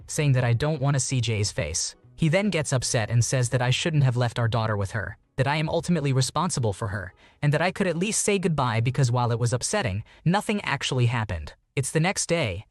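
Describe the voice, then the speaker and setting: A man narrates online posts in a steady, even reading voice. His pitch sits in the middle range for a man. Faint music plays underneath. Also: dry recording. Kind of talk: scripted narration.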